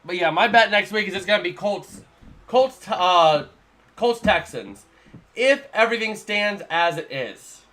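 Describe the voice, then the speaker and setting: A man's voice: high-pitched, lively intonation, unhurried, pushed and bright. A man doing casual live play-by-play on a stream, rambling and repeating himself as he gives his opinions.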